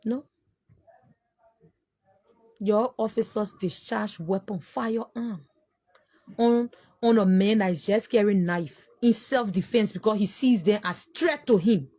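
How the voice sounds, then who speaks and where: Impassioned Liberian woman, husky voice. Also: mid-range voice, takes it slowly, pauses often, dark tone. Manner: impassioned, accusing, repeats phrases. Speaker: grieving mother speaking out. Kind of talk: emotional public statement.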